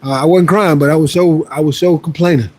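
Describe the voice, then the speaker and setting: Male fitness streamer, slightly high voice, upbeat motivational chat with viewers. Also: steady tone, fairly quick, darkish tone. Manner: playful boasting with laughs. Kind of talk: casual livestream chat, reading viewer messages aloud.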